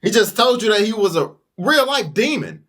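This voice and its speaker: A man's voice: high-pitched, expressive, moderate pace, pushed and bright. A man giving casual reaction commentary in incredulous, stammering asides. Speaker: reaction video host.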